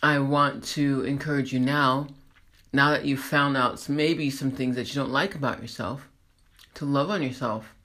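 Woman host, bright forward tone, casual self-laughing pep-talk delivery. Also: rumbling low, steady tone, moderate pace. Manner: rambling, laughs at herself, encouraging. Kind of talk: casual motivational monologue.

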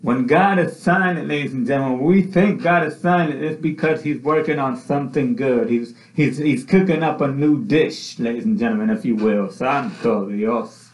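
A man's voice: medium pitch, normal speed, few pauses. A man preaching a sermon with passion, repeating his phrases as his voice rises and falls. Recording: echoey room, dull lo-fi sound.

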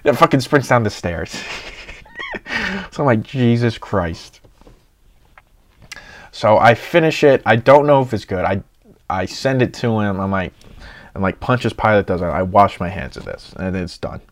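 Young man, low-ish voice, casual storytelling; excitable, profane, acts out quotes. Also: a little slow, long pauses. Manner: excitable, swears a lot, acts out friends' lines.

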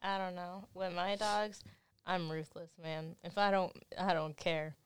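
Slow-talking young woman, low smooth voice. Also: flat delivery, dry recording. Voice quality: unhurried, hesitant, laughs often. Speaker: host. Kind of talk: casual chat.

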